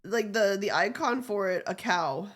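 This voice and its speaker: A woman's voice: mid-range voice, moderate pace. A woman streamer chatting casually with a stuffy, congested nose, giggling, swearing and rambling. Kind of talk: casual live-stream chat.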